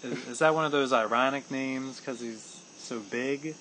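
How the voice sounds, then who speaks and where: A man's voice: mid-range voice, unhurried, heavy background noise. A man co-hosting a podcast, amused and laughing often, with dry quips in casual chat. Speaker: podcast co-host.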